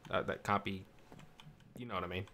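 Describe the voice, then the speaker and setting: A man with a low, bright voice talks himself through a game session, step by step. He is chatty and self-mocking. Faint keyboard clicks sit behind him. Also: fairly even intonation, brisk, a little hiss or hum. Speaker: gamer streaming a survival server. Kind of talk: casual let's-play commentary.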